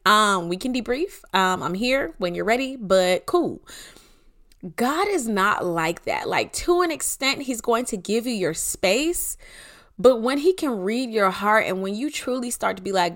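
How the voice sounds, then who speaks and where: A woman's voice: medium pitch, very animated, measured pace, a bit bright. A young adult woman hosting a casual faith talk, speaking in a candid, conversational way with casual slang. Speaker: podcast host.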